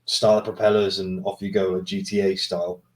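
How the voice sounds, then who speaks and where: A man's voice: low-pitched, flat delivery, a little fast. A man in a casual gaming chat, joking around and firing off questions. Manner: jokey, fires off questions. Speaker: co-host.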